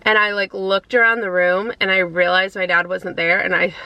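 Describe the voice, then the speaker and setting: A woman in her thirties chatting casually to camera from her car, emotional and near tears, halting with many fillers. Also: medium pitch, level tone, smooth, no echo, lo-fi sound. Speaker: vlogger. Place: inside a car.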